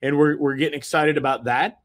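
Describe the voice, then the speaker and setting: A man's voice: fairly high pitch, steady tone, a little fast. Enthusiastic man hosting a group call. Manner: enthusiastic, repetitive, rambling with fillers. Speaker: host of a group video call. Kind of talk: casual motivational talk.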